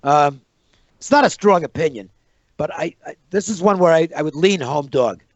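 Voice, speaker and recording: A male handicapper gives careful, hedging opinions, pausing and restarting his sentences. His voice is slightly high, recorded dry with a muffled lo-fi tone. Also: expressive, no room sound. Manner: measured, hesitant, many restarts. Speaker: sports handicapper. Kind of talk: casual sports betting analysis.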